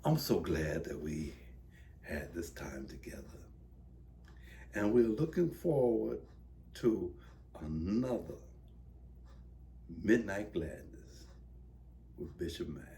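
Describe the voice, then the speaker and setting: A bishop and radio host giving a late-night devotional message, preaching slowly, his voice rising from low murmurs to high, intense cries. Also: sing-song, mellow, slight background noise.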